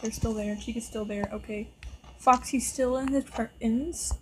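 A woman's voice: on the high side, steady tone, unhurried, slight background noise, low-quality recording. A woman hosting a gameplay video, giving casual, nervous commentary and talking to the game characters as she plays. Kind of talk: casual let's-play commentary.

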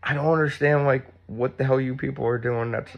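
A man's voice: mid-range voice, steady tone, brisk, creaky. A man in his fifties vlogging at home, sore and tight after surgery, chatty and blunt and swearing freely. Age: 50s. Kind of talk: casual vlog talk. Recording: dull lo-fi sound.

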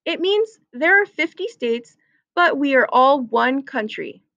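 A woman reading the part of a kind, encouraging schoolteacher who speaks in a clear classroom tone. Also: high voice, expressive, a little slow, fairly bright tone, no echo, highs cut off, exaggerated voice.

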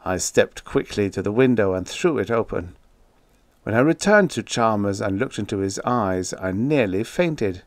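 A man giving a dramatic horror audiobook narration, measured and building dread. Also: lowish voice, animated, no echo.

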